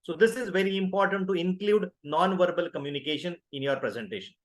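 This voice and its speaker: A man's voice: high-pitched, quick pace. A man in his fifties with an Indian English accent, giving an online workshop lecture, full of fillers and self-corrections. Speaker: workshop trainer.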